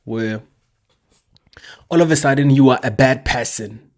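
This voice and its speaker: A man's voice: mid-range voice, a little slow. A man delivering an indignant, mocking political monologue as a commentator. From South Africa. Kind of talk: impassioned monologue.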